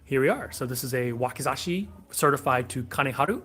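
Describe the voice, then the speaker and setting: A man's voice: mid-range voice, quick pace. A man hosting a sword shop livestream in a back room, chatting casually and answering viewer questions. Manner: relaxed, rambling, answers chat questions.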